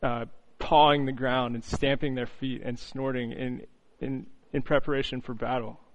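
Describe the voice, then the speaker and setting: A man preaching an earnest, reflective sermon, often pausing on "you know" and restarting phrases. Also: mid-range voice, flat delivery, low-quality recording.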